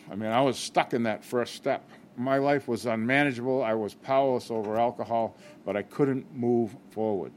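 A man's voice: lowish voice, slight background noise. An older man giving a personal recovery talk at a meeting, candid and self-mocking, often restarting his sentences.

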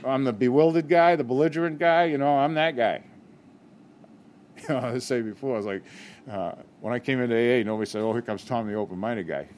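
An older man shares his story at a recovery meeting in a candid, self-mocking way. His voice sits at an ordinary pitch and he stumbles and restarts as he talks. A faint hum runs underneath. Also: brisk, a little mellow. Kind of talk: personal recovery talk.

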